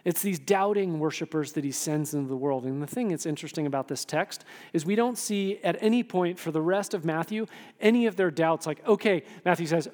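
High-voiced man preaching in a hall. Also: moderate pace. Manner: animated, asks the room "right?" and acts out quotes. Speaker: pastor. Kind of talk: sermon. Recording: long hall reverb.

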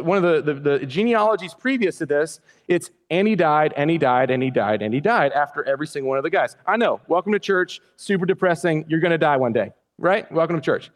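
A man's voice: a little high, long reverb tail. A male pastor preaching a sermon in a church, casual and conversational, with joking asides to the congregation.

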